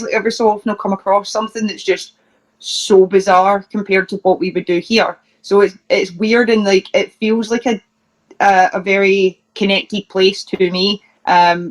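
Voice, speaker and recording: Scottish woman, mid-pitched, chatty interview guest, laughs through her anecdotes. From Scotland. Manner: chatty, laughing, restarts and fillers while telling funny stories. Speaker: professional wrestler, interview guest. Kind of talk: casual anecdote telling.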